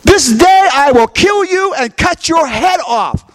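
A man's voice: very high-pitched, expressive, slow pace, fairly bright tone, pitched above the performer's own voice, heavily acted. A man, a preacher, voicing the young shepherd David as a bold and defiant figure.

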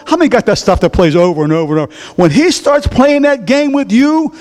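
A male preacher with a strikingly high voice that leaps up and down in pitch. He delivers a lively sermon, throwing fill-in-the-blank questions at the congregation and bursting into shouts now and then. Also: fairly quick, few pauses.

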